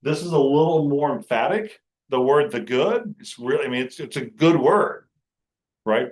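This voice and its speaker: A man's voice: mid-range voice, lively intonation. Man lecturing in an echoey room. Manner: halting, full of fillers and restarts. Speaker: Greek teacher. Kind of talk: classroom lecture.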